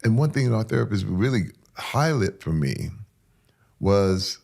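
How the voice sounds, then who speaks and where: A man opening up as an interview guest, earnest and emphatic, leaning on repeated phrases to drive each point home. His voice is gravelly, with a husky edge, and he now and then sinks into a near whisper. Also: on the low side, lively intonation, a little slow. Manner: drops to a hushed whisper at moving moments. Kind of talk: candid personal storytelling.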